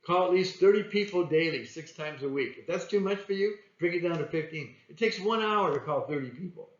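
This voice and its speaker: A man's voice: fairly high pitch, expressive, fairly quick, reverberant, highs cut off, slight background noise. A man giving plain-spoken sales coaching and acting out phone calls. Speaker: sales trainer.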